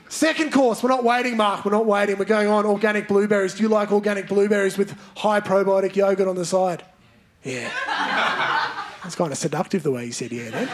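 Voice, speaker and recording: A man performing stand-up comedy in a theatre, teasing audience members and leading the crowd in chants. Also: high-pitched. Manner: playful, banters with audience members, leads chants. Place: large theatre stage. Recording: live theatre recording with crowd noise. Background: audience laughter.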